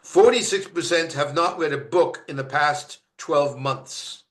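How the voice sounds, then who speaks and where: A man from Canada giving a university lecture, halting with many fillers and restarts and stressing each word of a list. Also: on the high side, reverberant. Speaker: guest lecturer. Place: lecture room.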